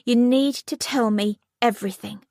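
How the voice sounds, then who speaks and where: A pushy teenage girl who likes to be in control, talking insistently and pitched high, as a woman reading an audiobook puts her on. The voice rises sharply when she presses her point, recorded dry and close. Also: very animated, normal speed, darkish tone, no echo. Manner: insistent, persuasive.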